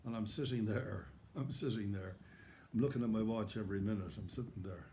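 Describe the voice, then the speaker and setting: An older Irish man, hoarse, telling a personal anecdote in a lively way and acting out the voices he quotes. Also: lowish voice, a little fast, slight background noise. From Ireland. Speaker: storyteller. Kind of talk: personal anecdote told to camera.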